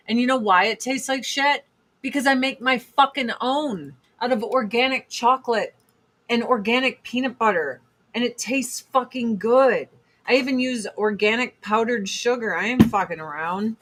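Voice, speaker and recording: A woman's voice: fairly high pitch, a bit bright. A middle-aged woman hosting a casual livestream chat and selling beauty products, talking in a blunt, profane, rambling way.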